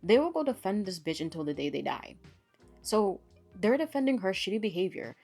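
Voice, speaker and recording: A woman's voice: medium pitch, sing-song, brisk, gravelly, darkish tone, faint music behind. A woman hosting a commentary channel, ranting bluntly and swearing freely in a fed-up tone. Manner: blunt, profane, exasperated ranting. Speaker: commentary host.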